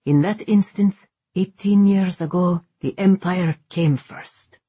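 A woman reading an audiobook voices a stern, stoic male guardian, speaking in a grave, measured and unbending way. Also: fairly low pitch, dark tone, husky, no echo.

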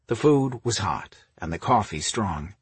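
Male narrator, audiobook, low voice, very husky, measured. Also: expressive, dry recording. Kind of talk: scripted narration.

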